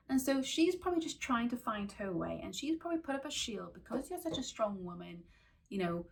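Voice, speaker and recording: Gravelly-voiced woman telling stories. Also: medium pitch. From Wales. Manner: candid, animated, with frequent restarts. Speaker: skin therapist and trainer. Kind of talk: casual storytelling in a podcast chat.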